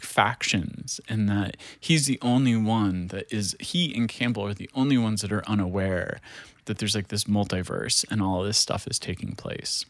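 A man in his thirties tells a story in a rambling, casual way, swearing, laughing and leaning on fillers. His voice sits fairly low, and it sounds close and dry, with no room around it. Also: dry recording. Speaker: show creator.

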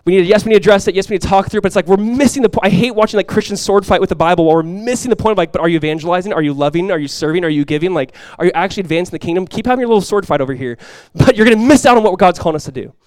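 A man preaching a sermon as pastor, telling stories with lively energy, then dropping quiet and slow to press a point. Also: high-pitched, no echo, studio quality. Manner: animated storytelling, drops quiet and slow for emphasis; conversational, many fillers like "like" and "you guys".

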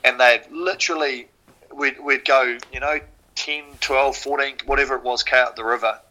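A man with a New Zealand accent, a podcast guest and former rower, telling stories casually in an animated way, swearing freely and using lots of fillers. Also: medium pitch, normal speed, poor audio. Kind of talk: casual storytelling.

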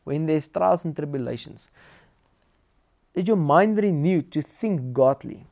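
A man with a South African accent preaching a sermon, telling lively personal stories and mixing Afrikaans words into his English. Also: on the high side, measured pace, creaky.

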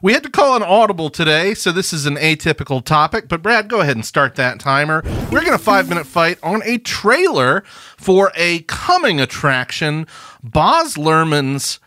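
A man's voice: a little high, sing-song, moderate pace, pushed and bright, no echo. A young man co-hosting a casual movie podcast, with dry, sarcastic humor. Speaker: podcast co-host.

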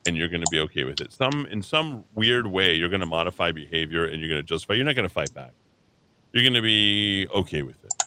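Talk radio host: tired man, low voice, blunt combative rant, keyboard clatter in the studio. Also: fast, hardly any pauses, slight background noise. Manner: blunt, combative, repetitive ranting. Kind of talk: ranting political talk radio monologue. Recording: steady keyboard typing and clicks behind.

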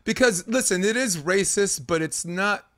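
A man from Brooklyn, hosting a podcast, talking in an animated, emphatic way and repeating his points. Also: high voice, normal speed. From Brooklyn, New York. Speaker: podcast host. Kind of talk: casual podcast conversation.

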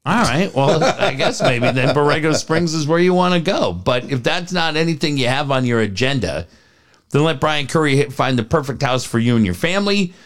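A man co-hosting a talk radio show launches into profane, animated stories. His voice sits a touch high and leaps all over the place as he vents. He slides straight back into live ad reads. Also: moderate pace. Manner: profane, animated storytelling rants. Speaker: radio co-host.

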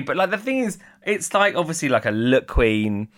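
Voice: very animated, moderate pace, few pauses, fairly bright tone. A podcast co-host chatting casually, laughing often and restarting sentences while working out a point. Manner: giggly, swings up high, hesitant restarts. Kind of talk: casual chat.

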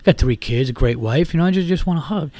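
A man's voice: fairly high pitch, expressive, quick pace, dark tone, no echo, natural voice. A man putting on the voice of a drunk middle-aged man who pleads and whines in a self-pitying way. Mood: pleading.

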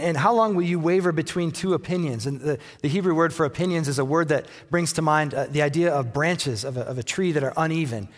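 A man delivering a sermon as a pastor, his voice sitting a little high. He tells the story with lively energy and slips into the quoted characters with playful taunting. The sound rings out with the long reverb of a large hall.

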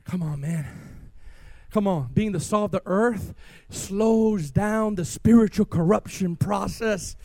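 High-voiced preacher man, dry sound. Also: measured pace, no echo. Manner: energetic, call-and-response preaching. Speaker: pastor. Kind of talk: sermon. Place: church.

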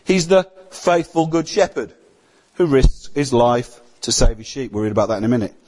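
A man's voice: mid-range voice, expressive, normal speed, darkish tone. A man preaching a sermon in a conversational way, often putting rhetorical questions to the congregation.

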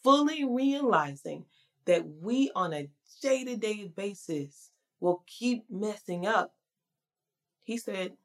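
A woman's voice: mid-range voice, expressive, takes it slowly. A woman preaching a sermon in a conversational, emphatic way.

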